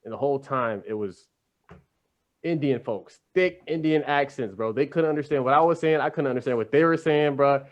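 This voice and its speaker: A man hosting a podcast, telling a long, animated story full of slang in casual chat. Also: mid-range voice, normal speed, lo-fi sound. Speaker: podcast host.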